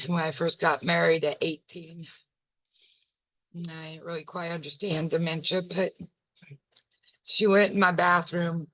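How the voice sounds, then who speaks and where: A woman's voice: on the low side, pushed and bright, no echo. A folksy, self-mocking woman, chatting casually as the host of a home video, her eyes burning from pepper. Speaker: wellness ministry host. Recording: dull lo-fi dry sound.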